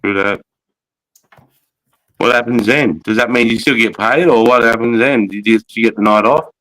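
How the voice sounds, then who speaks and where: A man's voice: medium pitch, normal speed, fairly bright tone, no room sound, poor audio. A man chatting casually on a live stream in a laid-back, easygoing way.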